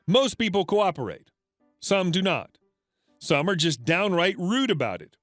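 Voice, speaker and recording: Man, story narrator, scripted matter-of-fact reading, raised pitch, faint music. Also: sing-song, measured pace, fairly bright tone, no room sound. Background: faint background music.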